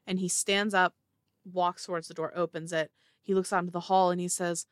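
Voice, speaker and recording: A woman narrating a tabletop game as game master, with an animated delivery. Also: on the low side, fairly quick, no echo, studio quality.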